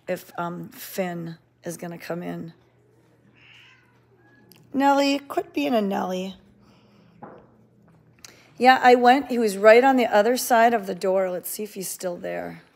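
A woman's voice: mid-range voice, slow pace, creaky, long pauses, darkish tone. A woman hosting a casual livestream from an indoor cat sanctuary, chatting, greeting viewers by name and cooing at the cats, recorded on a handheld phone.

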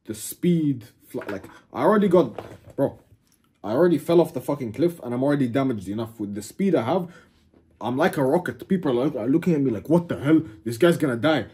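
A young man casually telling a dramatic personal story to camera, animated, cursing and calling the listener "bro". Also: mid-range voice, a little fast, slightly rough. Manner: animated, swears a lot, keeps saying "bro". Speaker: vlogger.

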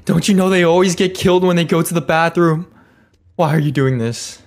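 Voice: mid-range voice, a little fast. A streamer giving live commentary over a horror game, reactive and prone to shrieking. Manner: reactive, swings from mumbling to shrieking.

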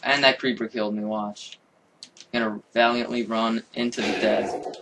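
A young man commentating his own game, excitable and swearing, with sudden yelling outbursts. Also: fairly low pitch, measured pace, gravelly, recorded from a distance, slight background noise. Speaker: gamer.

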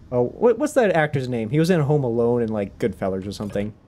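A man's voice: mid-range voice, very animated, quick pace, hardly any pauses, dark tone. A young man streaming a video game, chatting casually in a rambling, self-conscious way. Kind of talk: casual livestream chat.

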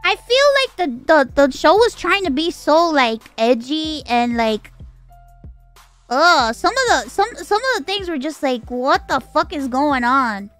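A woman's voice: high voice, big pitch swings, a little slow, fairly bright tone, faint music behind. A woman streamer in a casual livestream rant, exasperated and swearing, firing off incredulous rhetorical questions.

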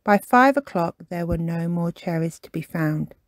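A woman reading a children's picture book aloud in an expressive, animated way as a storytime host. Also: lowish voice, moderate pace, no echo. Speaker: storytime reader.

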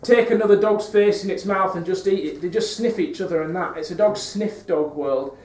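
A man giving a live spoken-word performance lecture, rhythmic and repetitive, swinging from wry asides to loud rants. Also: high voice, normal speed, a little hiss or hum. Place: performance venue with audience. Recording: echoey hall, mic far off.

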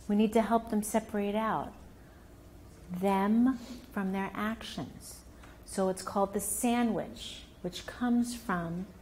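A woman family therapist giving a workshop talk to parents, animated and acting out parent and child voices as she explains. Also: mid-range voice, a little hiss or hum.

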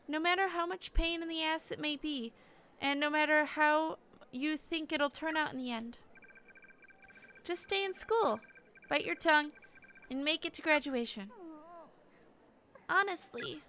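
A woman's voice: high-pitched, a little slow, pushed and bright, a little hiss or hum, pitched above the performer's own voice. A woman voicing an earnest teenage schoolgirl who serves as class representative and talks in an impassioned, lecturing way.

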